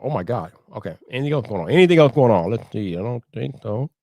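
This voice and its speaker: Man, live stream host, casual chat, animated, repetitive, lively pitch, dry close sound. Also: quick pace, no echo. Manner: animated, repeats himself, rants loudly when annoyed.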